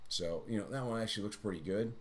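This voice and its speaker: A man's voice: fairly low pitch, fast talker. A man streaming live trades, talking through his charts in a rambling, chatty way with self-mocking asides. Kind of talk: casual live-stream market commentary.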